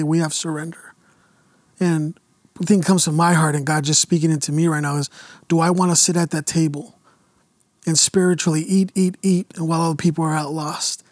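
A man's voice: a little high, no echo. A man in church reflecting earnestly on a sermon. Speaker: church speaker.

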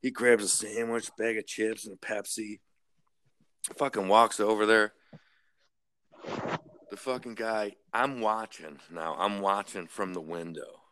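A man casually telling a story to a friend, swearing a lot and jumping into a much higher voice to act out what others said. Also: a little slow, long pauses, a little hiss or hum. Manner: profane, animated, mimics others with sharp jumps in pitch.

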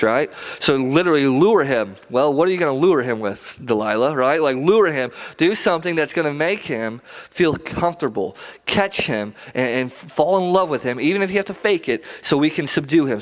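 A man's voice: fairly high pitch, lively intonation, fairly quick. A male preacher giving a casual sermon, conversational, with rhetorical questions and slangy asides.

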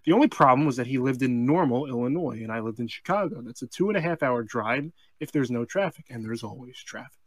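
A man co-hosting a comedy podcast, reading a strange story aloud, breaking off for deadpan asides and laughing mid-sentence. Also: mid-range voice, quick pace, breathy edge, dry recording. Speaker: podcast co-host.

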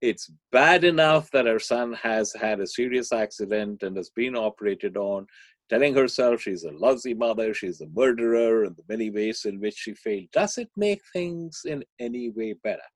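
A man as a podcast guest, explaining ideas and telling a parable in a measured way. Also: lowish voice, animated, no room sound. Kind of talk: podcast interview, storytelling.

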